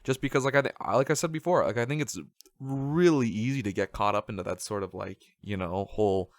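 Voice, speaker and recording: A man's voice: lowish voice, no room sound, studio quality. A young man co-hosting a casual podcast, talking with lots of fillers like "like" and "you know". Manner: fast, filler-heavy, lots of "like". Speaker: podcast co-host.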